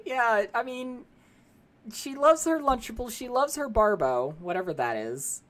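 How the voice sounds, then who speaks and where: A young woman streaming a game live, animated and laughing as she banters with her chat and an AI companion. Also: on the high side, a little slow.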